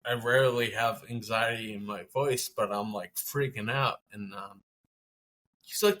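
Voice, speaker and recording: A man on a podcast recounts his own experience in a loose, conversational way. His voice is bright and forward. He trails off and restarts his sentences often. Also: mid-range voice. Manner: halting, many restarts and fillers. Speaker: podcast guest. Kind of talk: conversational storytelling.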